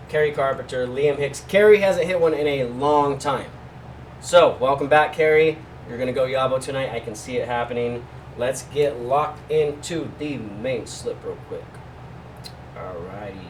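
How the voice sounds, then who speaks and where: A man's voice: medium pitch, normal speed, recorded from a distance, rough recording. A chatty man runs through his betting picks in a loose, joking way, tossing off asides to his viewers. His voice sits a little back from the mic in a room at home. A faint air-conditioner hum runs underneath. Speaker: sports betting host. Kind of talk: casual betting picks vlog.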